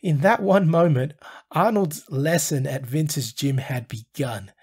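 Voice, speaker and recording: A man hosting his own channel, reading a scripted documentary narration in a measured storytelling delivery. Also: on the high side, darkish tone, slightly rough.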